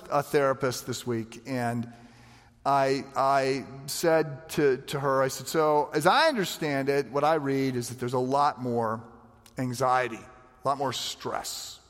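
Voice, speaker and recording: A man preaching a sermon in a conversational, animated way, often repeating words as he starts a thought. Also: mid-range voice, in a large hall. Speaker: pastor.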